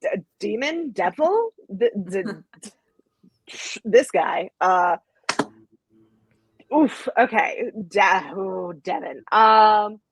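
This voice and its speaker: Husky-voiced woman co-host on earbuds, gushy and halting, dry sound. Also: medium pitch, big pitch swings, no echo, poor audio. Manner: gushing, halting, many restarts. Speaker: podcast co-host. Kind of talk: casual podcast chat. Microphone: AirPods.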